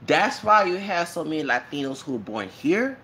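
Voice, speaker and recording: A man's voice: fairly high pitch, moderate pace, a little hiss or hum. A man, rambling through a casual monologue with frequent asides and laughter. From Texas. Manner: rambling, animated, laughs often, many asides. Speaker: YouTuber.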